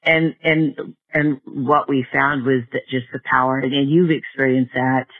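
A man being interviewed, telling a story in a halting way with many restarts and repeated words. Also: medium pitch, fairly even intonation. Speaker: guest, project organizer. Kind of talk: storytelling in conversation. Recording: narrow phone-like line.

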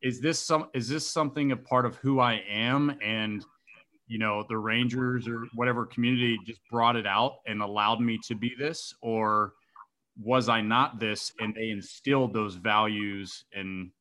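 A man's voice: fairly low pitch, fairly even intonation, moderate pace, bright, forceful tone. A man, a guest on a casual interview, reflecting and thinking aloud with hesitations.

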